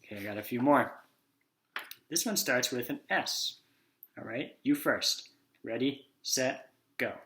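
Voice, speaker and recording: A man leads a children's phonics lesson at an unhurried, deliberate pace. He sounds out each letter and then acts out the word. His voice sits at a middle pitch. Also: fairly bright tone. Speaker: teacher.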